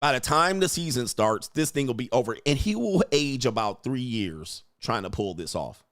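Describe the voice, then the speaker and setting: Man, stream host, blunt mocking commentary, mid-pitched voice, dry close sound. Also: lively intonation, normal speed, fairly bright tone, no echo.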